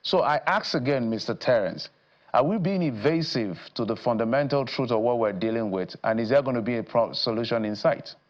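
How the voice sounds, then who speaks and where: A man's voice: medium pitch, animated, a little fast, highs cut off. A man with a Nigerian accent hosting a TV panel, asking probing, pointed questions. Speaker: TV news host. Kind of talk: moderating a panel discussion.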